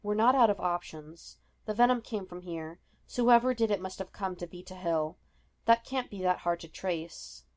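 A woman's voice: medium pitch, moderate pace, natural voice. A woman voicing a determined young man who speaks in a firm, encouraging way.

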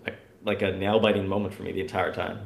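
A man chatting as a podcast guest, recounting tabletop game moments with lively acted-out bits. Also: deep voice, fast, gravelly, reverberant. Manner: animated storyteller acting out scenes. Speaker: guest player. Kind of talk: casual podcast chat.

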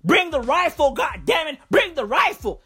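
A woman voicing a panicked tourist man with an American accent, shouting frantically for a rifle. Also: high voice, expressive, moderate pace, soft background music, voice pushed up, full character voice. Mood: frantic shouting.

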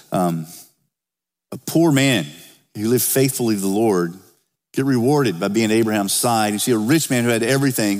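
In a large church sanctuary, a pastor with a fairly low voice preaches to his congregation in a conversational manner, growing louder whenever he reads from scripture.

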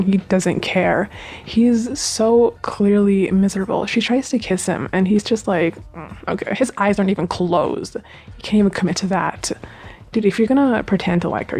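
A woman's voice: mid-range voice, darkish tone. A young woman hosting a podcast in casual chat, rambling and gushing with lots of fillers, on a home mic. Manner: chatty and rambling, with many fillers and gushing asides. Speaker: podcast host recapping a TV series.

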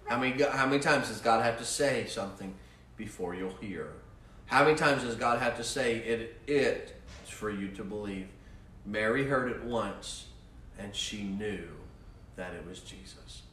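A male pastor preaching a sermon in a repetitive cadence that swells with fervor and then softens into prayer. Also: medium pitch, slight background noise. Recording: roomy echo, mic at a distance.

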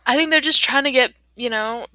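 A woman's voice: high-pitched, a little fast, pushed and bright, dry recording. A teenage girl co-hosting a podcast, talking casually and chattily with lots of "like" and frequent laughter. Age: teens. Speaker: podcast co-host. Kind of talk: casual chat.

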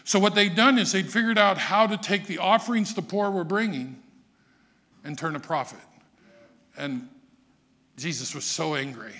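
High, gravelly preacher man, dramatic. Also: normal speed, pauses often. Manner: dramatic, swings from quiet to shouting, acts out quotes. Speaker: pastor. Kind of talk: sermon.

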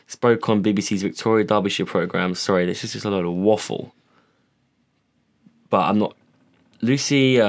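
A man co-hosting a podcast in casual chat, rambling and swearing with plenty of fillers. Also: lowish voice. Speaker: podcast co-host.

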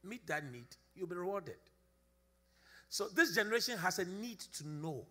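Male preacher, higher-pitched and sharp-toned, emphatic sermon with repetition and call-and-response. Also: expressive, moderate pace. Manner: emphatic, repeats phrases, calls on congregation. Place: church service.

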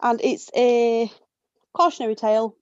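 Woman co-host, relaxed presenter, dull lo-fi dry recording. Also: a little high, measured pace, dry recording. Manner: easygoing, laughs often, filler "um". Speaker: podcast co-host. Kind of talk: casual chat presenting a topic.

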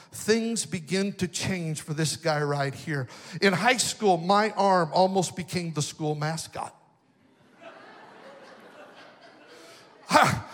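A man preaching a youth sermon, joking through personal stories and rising into shouted preaching before a live audience. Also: high-pitched, long reverb tail. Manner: jokey storytelling, building to shouted preaching. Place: large hall with an audience.

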